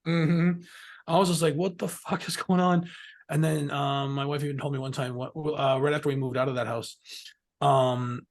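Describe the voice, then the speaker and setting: This is a middle-aged man at a moderate pace, his mid-range voice delivered flatly. As an interview guest he tells stories in a rambling, relaxed way, swearing freely and laughing often.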